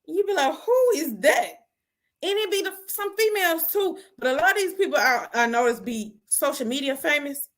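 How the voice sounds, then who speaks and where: High-voiced woman giving her take. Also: brisk, few pauses. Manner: animated and conversational, slangy. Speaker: host. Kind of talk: casual opinion talk.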